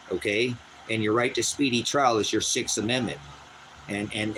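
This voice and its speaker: A man talking heatedly and profanely about his legal troubles, repeating himself and climbing into a strained high pitch when upset, out on his rural property. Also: a bit bright, a little hiss or hum, low-quality recording. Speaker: host of a personal channel. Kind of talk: unscripted personal rant.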